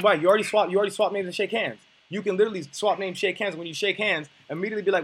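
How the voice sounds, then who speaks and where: Fast-talking husky blunt young man coach. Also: high voice, fairly even intonation, fairly bright tone. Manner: blunt, profane, restarts often. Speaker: dating coach. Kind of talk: casual coaching explanation.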